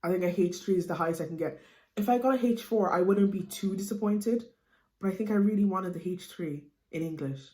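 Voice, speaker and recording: A woman's voice: medium pitch, brisk. Chatty Irish teen girl in an echoey room. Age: late teens. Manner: chatty, animated, with lots of fillers like "you know what I mean". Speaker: student vlogger. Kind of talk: casual chat to camera.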